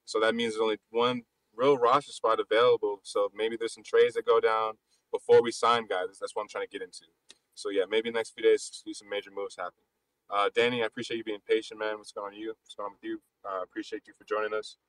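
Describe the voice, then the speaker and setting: A man hosting a casual live basketball chat, talking fast and loosely with frequent restarts. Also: on the low side, little pitch movement, a bit bright, no room sound, poor audio. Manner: rapid, loose talk with many restarts. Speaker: podcast host.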